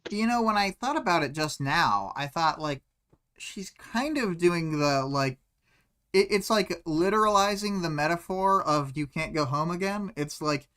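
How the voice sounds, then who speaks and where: A co-host of a casual book discussion livestream, talking in a thoughtful, halting way and restarting phrases. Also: medium pitch, lively intonation, fairly bright tone, clean tone. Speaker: podcast co-host.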